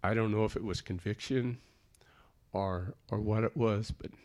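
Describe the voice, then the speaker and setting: A man's voice: on the low side, steady tone, normal speed, darkish tone. A man telling a personal testimony in an earnest, plainspoken storytelling way. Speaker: speaker giving a personal testimony.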